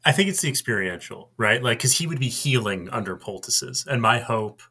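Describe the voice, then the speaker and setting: A man's voice: medium pitch, animated, normal speed, pushed and bright, breathy edge. A man playing a tabletop game who asks questions and hedges with "like". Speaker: player.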